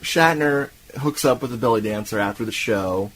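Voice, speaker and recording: Animated man recapping a movie, laughing often. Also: mid-range voice, normal speed, a little hiss or hum, rough recording. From Tampa, Florida. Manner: animated, laughing, profane storytelling. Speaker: podcast co-host. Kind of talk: casual movie-recap chat.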